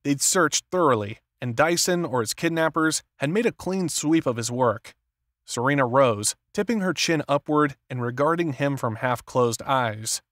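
Male narrator, measured thriller reading, medium pitch, dead-dry recording. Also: lively intonation, fairly bright tone, dry recording. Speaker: audiobook narrator. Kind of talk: scripted narration.

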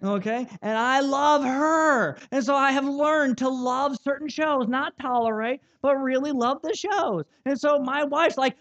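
Animated young male pastor preaching. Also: extremely high pitch, unhurried, hardly any pauses. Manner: animated, self-mocking storytelling with many restarts. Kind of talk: sermon.

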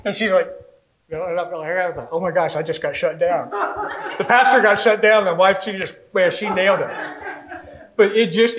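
An American man preaches a sermon from the pulpit, his voice pitched high. He tells stories with animation and slips into little voices for the people in them. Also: a bit bright, poor audio. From United States. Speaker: pastor.

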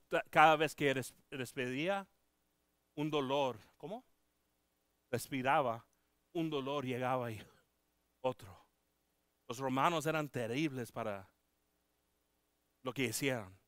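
A man preaching a sermon, moving between loud proclaiming and hushed pleading, with halting restarts. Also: mid-range voice, clear, resonant tone, no echo. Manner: halting, with many restarts and fillers. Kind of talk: bilingual sermon. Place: church.

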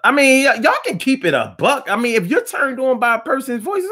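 A man hosting a call-in show, reacting to comments in a loose, slangy, animated way. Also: extremely high pitch, fairly quick, husky. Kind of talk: casual live show chat reading comments.

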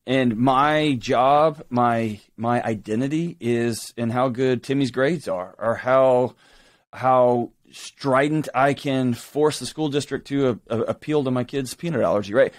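A man speaking as a guest in an interview, emphatic and animated, acting out quoted voices as he talks. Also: mid-range voice, unhurried, dry recording. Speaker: guest author. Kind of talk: conversational interview.

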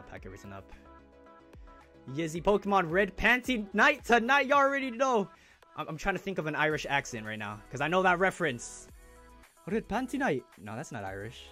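A young man hosting a live stream, chatting casually and excitedly with viewers in slang as he opens trading cards. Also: mid-range voice.

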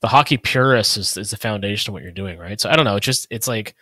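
Low guy rambling about hockey on a podcast, punchy bright voice, dry sound. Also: fast, few pauses, slightly rough, no room sound. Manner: rambling, trails off into asides. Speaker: podcast co-host. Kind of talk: casual sports chat.

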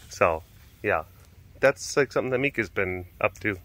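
A medium-pitched man speaking at normal speed vlogs casually from a big cat sanctuary outdoors. Relaxed, he shares stories with laughter and coos gently at the animals.

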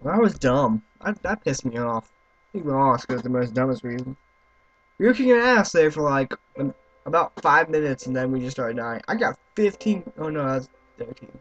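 A young man giving let's-play commentary, excitable, swearing and yelling at other players. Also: mid-range voice, moderate pace. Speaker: gaming YouTuber. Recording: slightly muffled with faint noise.

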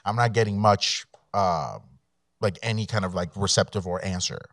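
Low-voiced man telling a story. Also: normal speed, a bit bright, no echo. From Mexico. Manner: conversational, many fillers and quoted dialogue. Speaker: immigration attorney, guest speaker. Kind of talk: storytelling talk to an audience. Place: law school event room.

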